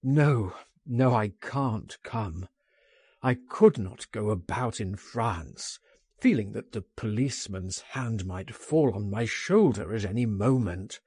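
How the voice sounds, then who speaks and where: A man's voice: fairly high pitch, huge pitch swings, slow pace, mellow, husky, no room sound, clean studio sound, heavily acted. A man voicing an anguished middle-aged man who pleads in despair and dreads arrest. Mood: resigned.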